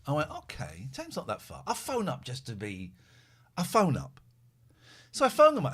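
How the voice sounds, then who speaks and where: A man's voice: on the high side, normal speed, long pauses, breathy edge. A male podcast host telling rambling anecdotes in casual chat, acting out both sides of quoted conversations and often correcting himself mid-sentence. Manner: animated, acts out quoted dialogue in other voices; rambling with restarts and self-corrections.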